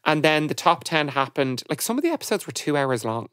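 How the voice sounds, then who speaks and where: A woman hosting a podcast, chatting in a lively, storytelling way. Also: deep voice, fairly quick, no room sound, clean studio sound. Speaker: podcast host. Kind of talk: casual chat.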